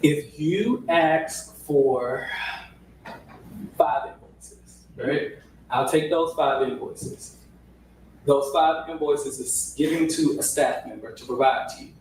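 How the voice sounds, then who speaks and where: A man's voice: a little high, takes it slowly. A man testifying as a records custodian, picking his words carefully and checking in with "right?". He sounds distant, caught from across a heavily echoing courtroom with faint hiss underneath. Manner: hedging, repeats "right?" to check in. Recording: echoey room audio from far off, faint hiss.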